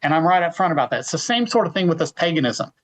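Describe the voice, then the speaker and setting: A man's voice: on the high side, animated, rapid-fire, rough recording. Middle-aged male guest, emphatic Q&A answerer, leans on repetition. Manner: emphatic, repeats words, retells arguments. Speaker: guest speaker. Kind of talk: answering a question in a live Q&A.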